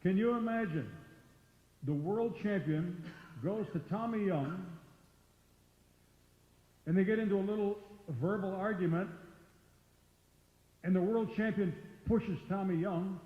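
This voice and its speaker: A man's voice: high voice, a little slow, long pauses. An older man, a former wrestler, telling blunt, profane stories to a live audience. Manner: gruff, profane, outspoken. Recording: roomy hall, muffled sound.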